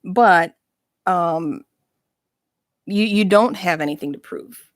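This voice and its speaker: A woman's voice: on the low side, takes it slowly, no echo. A woman guest speaking frankly and bluntly in a casual interview chat, with self-mocking humor, in a small studio.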